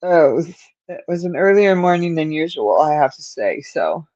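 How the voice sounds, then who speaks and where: A woman's voice: low voice, lively intonation, normal speed, darkish tone, no echo, highs cut off. A woman hosting a casual livestream, rambling to her viewers and her cat, with a stuffed-up nose and sleepy yawns. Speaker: livestream host.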